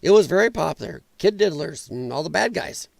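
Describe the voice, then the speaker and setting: Male livestream host, fairly high voice, profane and blunt, greets chat casually, dry room. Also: lively intonation, a little fast, gravelly, dry recording. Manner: chatty with viewers in chat. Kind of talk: live political commentary.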